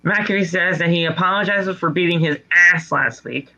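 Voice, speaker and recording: A man co-hosting a podcast, recapping wrestling in a casual, animated way. His voice is bright and forceful and sits a little high. The audio is dull and lo-fi. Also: moderate pace. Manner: animated storytelling with mock voices and exasperated jokes. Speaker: podcast co-host.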